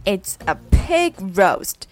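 A woman's voice: medium pitch, big pitch swings, very slow, darkish tone, faint music behind. A woman doing a gloating hungry fox. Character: hungry greedy male fox, boastful. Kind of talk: storybook reading.

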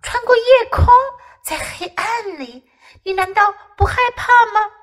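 A woman voicing a timid little baby bear boy who is afraid of the dark, anxious and pleading. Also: very high voice, takes it slowly, pitched above the performer's own voice, exaggerated voice. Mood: nervous.

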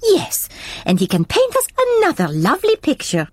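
A woman voicing a kindly gazelle playgroup teacher in a cartoon, gentle and encouraging. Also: very high-pitched, huge pitch swings, moderate pace, no echo, full character voice.

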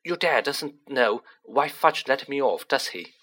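A man's voice: mid-range voice, animated, unhurried, fairly bright tone, voice pushed up. A man voicing a modest, earnest teenage boy wizard who talks plainly and a little sheepishly.

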